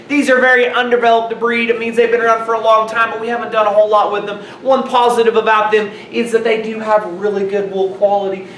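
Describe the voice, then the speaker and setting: A man playing a nerdy, clumsy field reporter who excitedly explains sheep breeds. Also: very high voice. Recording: roomy, distant mic, faint noise.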